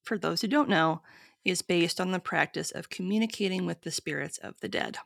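A woman with a lowish voice and a gravelly, fry-laden edge, reading history aloud on a podcast. She keeps a steady, measured storytelling pace. The recording is close and dry, with no room sound. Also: no room sound. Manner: steady, measured storytelling with frequent short agreements. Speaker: podcast co-host. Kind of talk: reading researched history to co-hosts.

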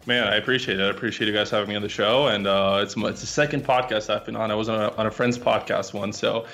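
A man's voice: lowish voice, fairly even intonation, fast, creaky, fairly bright tone, faint music behind. A man in his twenties, a podcast guest, talking in a laid-back way with many fillers. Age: 20s. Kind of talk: casual interview.

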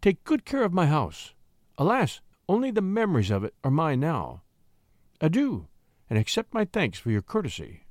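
A man's voice: fairly high pitch, wildly swooping pitch, moderate pace, dry recording, clean studio sound. A man voicing a young, beautiful and coquettish French lady who talks with charming flutters. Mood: gracious.

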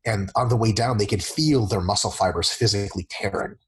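A man coaching in a casual podcast Q&A, talking in a profane, animated way and acting out his clients in quick voices. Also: fairly low pitch, breathy edge, poor audio. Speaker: fitness coach answering listener questions.

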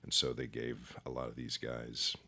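Very deep gravelly-voiced man. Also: monotone, normal speed, sharp tone. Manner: rambling, self-deprecating storyteller. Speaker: actor, interview guest. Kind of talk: casual interview chat.

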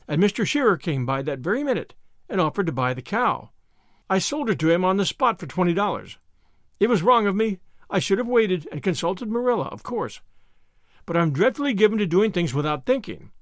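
A man's voice: sits high, no room sound, clean studio sound. A man reading aloud and voicing an impulsive teenage girl who talks in earnest, gushing runs. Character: eager talkative teenage girl, impulsive and apologetic.

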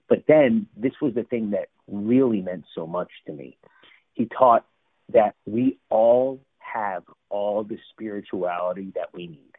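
Man, from New Jersey, radio guest, lively and emphatic storyteller, phone-line sound, dry. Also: lowish voice, measured pace, dry recording. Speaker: guest, life coach. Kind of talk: recovery story told in a radio interview.

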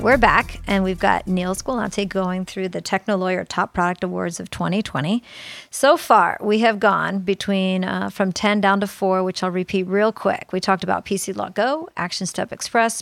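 A woman's voice: mid-range voice, gravelly, no room sound. A woman hosting a legal podcast, upbeat and chatty, laughing easily with her guest. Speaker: podcast host.

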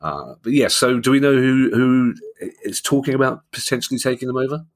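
A man's voice: mid-range voice, lively intonation, fairly quick. A man with a London accent co-hosting a football finance podcast, chatting casually and telling jokey stories. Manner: jokey, anecdotal. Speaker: podcast co-host. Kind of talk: casual chat.

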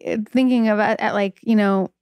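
A woman's voice: medium pitch, fairly even intonation, a little fast, clear, resonant tone, dry recording, muffled recording. A woman, a mother and podcast co-host, chatting in a bubbly, laughing way. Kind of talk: casual podcast chat.

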